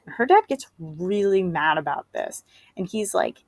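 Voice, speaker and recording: A woman's voice: medium pitch, a little slow, dry recording, low-quality recording. A woman teacher giving a casual, chatty lesson summary, full of fillers.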